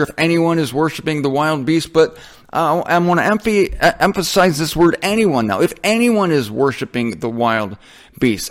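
Chatty, wry male Bible teacher. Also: on the high side. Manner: chatty, wry, self-correcting, addresses listeners as folks.

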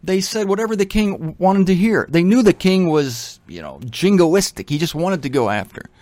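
A man's voice: sits high, animated, moderate pace, a little mellow, no echo. A man teaching from the Bible in a casual, conversational way, with joking asides. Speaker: preacher.

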